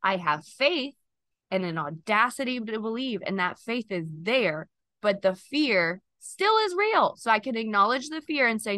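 A woman's voice: a little high, big pitch swings, unhurried, bright, forceful tone, no room sound. A woman podcast guest sharing an emotional personal testimony in an earnest, faith-filled way, close to tears.

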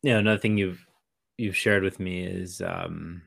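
Male podcast co-host, very deep gravelly voice, thoughtful and halting. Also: fairly even intonation, fairly bright tone. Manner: reflective, hesitant with many fillers. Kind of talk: casual podcast conversation.

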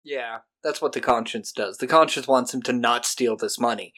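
A man co-hosting a podcast, recapping a TV episode in casual chat and acting out the characters in loud, shouted voices. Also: medium pitch, normal speed. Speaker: podcast co-host.

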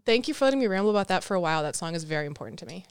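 A young woman co-hosting a podcast in casual chat, expressive and giggly, easily moved. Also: on the low side, rapid-fire, clear, resonant tone, dry recording, studio quality. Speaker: podcast co-host.

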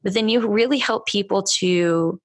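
A woman's voice: mid-range voice, moderate pace. Bubbly laughing woman podcast host. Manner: bubbly, laughs often, swears casually. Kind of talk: casual podcast chat.

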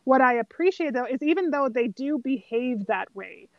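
A woman with a high, bright-pitched voice talks through a film in relaxed conversation, now and then slipping into the characters' lines. The sound is dry and close, a little dull in the highs. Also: moderate pace, no echo. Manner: animated storyteller, acts out quoted lines. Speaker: podcast co-host. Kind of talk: casual film discussion.

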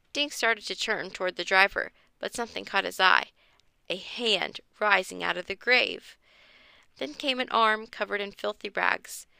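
A woman's voice: medium pitch, gravelly, bright, forceful tone, smooth. A woman reading a children's chapter book aloud with expression, raising her voice for the kids' lines. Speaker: storyteller.

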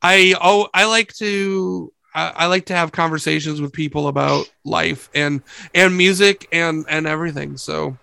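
A man in his thirties hosting a podcast, hoarse and gravelly from a cold, rambling with many restarts in casual conversation. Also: fairly high pitch, steady tone, moderate pace, few pauses, sharp tone, no room sound. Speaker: podcast host.

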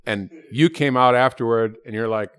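A man's voice: mid-range voice, fairly bright tone, clean tone, no echo. A middle-aged man, an improviser, reminiscing in casual chat with frequent restarts and swearing. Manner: halting, full of restarts and profanity.

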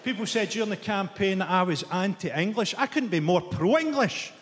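A man's voice: high-pitched, animated, moderate pace, very noisy. A Scottish man doing stand-up comedy with a dry, sardonic delivery. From Scotland. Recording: broadcast from a live hall with audience. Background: audience laughter.

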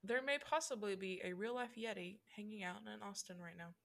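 Hesitant, gravelly-voiced woman podcaster. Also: mid-range voice, brisk, a bit bright. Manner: hesitant, full of ums and likes. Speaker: podcast co-host. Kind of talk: casual podcast chat.

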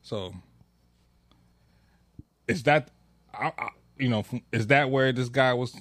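Podcast co-host, man, mid pitch, dry teasing delivery, close dry recording. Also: takes it slowly, fairly bright tone, dry recording. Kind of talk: casual chat.

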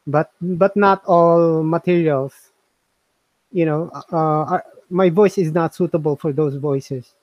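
Man, slightly high voice, casual chat host, halting, repeats himself, muffled lo-fi sound. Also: steady tone, no echo. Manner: halting, repeats words, often trails off. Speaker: host reviewing software.

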